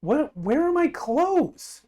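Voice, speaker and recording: A man's voice: high-pitched, normal speed, darkish tone, close to an everyday voice. A man voicing a groggy, bewildered young woman who keeps asking confused, indignant questions.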